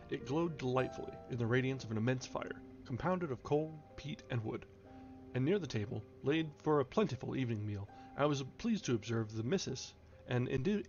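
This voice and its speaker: Casting: male stream reader, measured delivery with small stumbles, slightly dull lo-fi audio. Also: medium pitch. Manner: measured reading with occasional stumbles and restarts. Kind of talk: reading a classic novel aloud on a stream.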